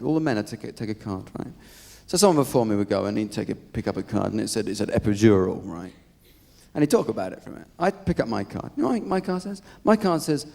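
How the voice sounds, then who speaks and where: A man with an English accent doing a live stand-up routine on a theatre stage, telling stories in a dry, deadpan way. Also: lowish voice, fast talker, creaky. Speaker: stand-up comedian. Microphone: stage microphone. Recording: live theatre recording with crowd and noise. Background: audience laughter.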